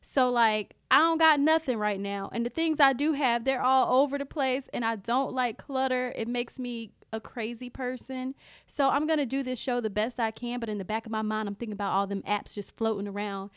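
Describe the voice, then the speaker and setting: A woman's voice: a little high, normal speed, clear, resonant tone, no room sound, studio quality. A woman co-hosting a podcast, chatting casually and playfully complaining. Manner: animated, joking, playfully complaining. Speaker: podcast co-host. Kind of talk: casual chat.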